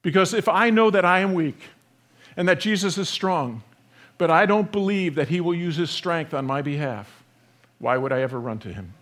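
A man preaching a sermon, moving between loud emphatic passages and hushed, soft ones. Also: fairly high pitch, moderate pace. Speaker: pastor.

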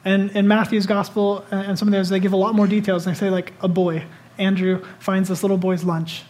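Pastor, conversational sermon delivery, lively and questioning, talks to the congregation directly. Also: mid-range voice, quick pace. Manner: conversational, animated preaching that asks the congregation questions.

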